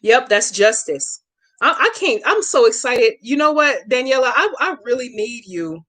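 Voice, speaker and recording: A woman's voice: a little high, sing-song, moderate pace, a bit bright. A woman hosting a live stream, chatting casually with viewers by name and talking back to their comments in a blunt, profane, outspoken way.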